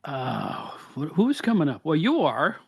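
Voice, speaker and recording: A man's voice: a little high, wildly swooping pitch, a little slow, gravelly, darkish tone, breathy edge, no room sound, studio quality. A man from upstate New York hosting a podcast, chatting nostalgically with frequent laughs. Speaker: podcast host. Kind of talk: casual podcast chat.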